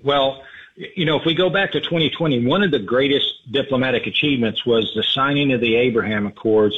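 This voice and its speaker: Older man, radio interview guest, phone-line sound, measured, explanatory. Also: mid-range voice. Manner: measured, explanatory, some restarts.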